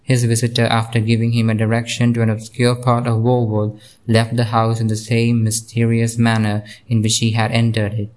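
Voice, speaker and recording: Male audiobook narrator, measured delivery, flat pitch. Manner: steady, measured reading. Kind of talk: audiobook narration of a classic novel.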